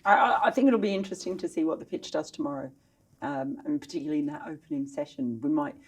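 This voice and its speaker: A woman's voice: low-pitched, quick pace, husky. A woman, an overseas cricket correspondent, chatting casually on a podcast with a teasing, facetious manner.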